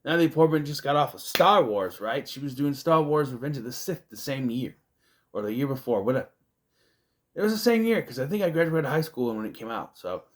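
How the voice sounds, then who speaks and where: A man's voice: mid-range voice, expressive, brisk. A man, casually reviewing a movie in a rambling, chatty way, with self-deprecating asides. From United States.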